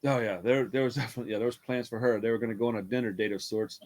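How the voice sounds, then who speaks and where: A man's voice: medium pitch, fairly even intonation, very fast, a little mellow. A man casually retelling a horror film, rambling, laughing often and swearing freely. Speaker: podcast co-host reviewing a horror film. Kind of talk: casual profane chat.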